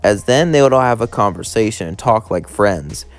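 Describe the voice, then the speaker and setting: Low-voiced male fan-story narrator. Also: expressive, normal speed, soft background music. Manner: chains clauses with "as" and "would".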